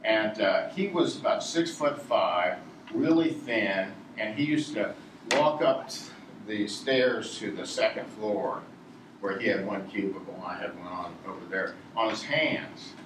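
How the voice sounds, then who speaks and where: A man's voice: fairly low pitch, measured pace, a bit bright. Rambling storyteller man from Virginia. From Virginia, USA. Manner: meandering, digressive, chuckles at his own tale. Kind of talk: rambling anecdotal storytelling to a live audience. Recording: echoey room, distant mic, noisy.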